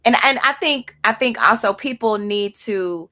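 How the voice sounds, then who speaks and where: A woman hosts a radio talk show, talking earnestly and often circling back to restart her thought. Her voice is bright and forceful, with faith running through what she says. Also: fairly high pitch, unhurried. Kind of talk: casual talk show discussion.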